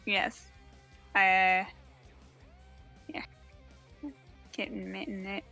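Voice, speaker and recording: A woman's voice: medium pitch, little pitch movement, very slow, gravelly, sharp tone, highs cut off, faint music behind. A woman player talking casually, hesitant and thinking aloud. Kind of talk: casual tabletop play.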